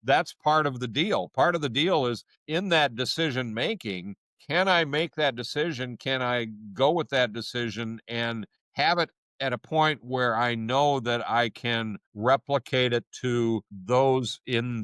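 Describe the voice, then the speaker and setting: A man's voice: mid-range voice, unhurried, few pauses, fairly bright tone, no room sound. A man co-hosting a podcast, talking thoughtfully and restarting sentences as he works through a point. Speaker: podcast co-host. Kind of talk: casual discussion.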